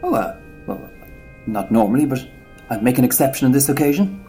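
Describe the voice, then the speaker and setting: A man's voice: medium pitch, very animated, a little fast, dark tone, soft background music, lightly acted. A man playing a genial older parish priest with a mild, wheedling manner. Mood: gently coaxing. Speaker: priest in a sketch.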